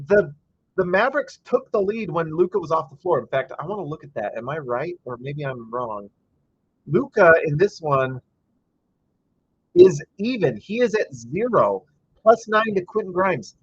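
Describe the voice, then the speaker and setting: A man hosts a casual live stream while watching a game. He chats over it, reads viewer comments aloud and breaks into frustrated little rants. His voice sits a bit high with a husky edge, caught on dull, dry, lo-fi home audio. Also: very animated, unhurried, dry recording. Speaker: livestream host.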